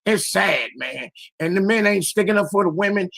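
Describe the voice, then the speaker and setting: A man in his sixties with a raspy, hoarse voice calls in to a panel show and talks bluntly and with lots of swearing. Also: sits high, lively intonation, moderate pace, a bit bright, no echo. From Philadelphia area, US. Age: 60s. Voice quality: raspy, strained voice. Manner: blunt, profane, emphatic. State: hoarse after illness. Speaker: caller on a live panel show. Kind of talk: casual call-in talk.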